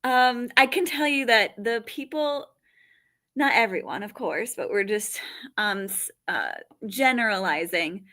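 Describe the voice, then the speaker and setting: Bright-voiced chatty comedian woman. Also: fairly high pitch. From Western New York. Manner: chatty, animated, quick to joke. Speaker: comedian guest. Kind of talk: casual interview chat.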